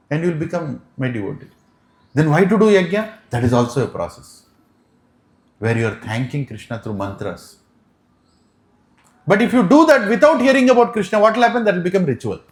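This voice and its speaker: Animated Indian preacher in an echoey hall. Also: male voice, sits high. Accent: Indian English. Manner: animated, asks the audience rhetorical questions. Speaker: spiritual teacher giving a scripture class. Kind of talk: sermon. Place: devotional center hall. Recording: echoey room.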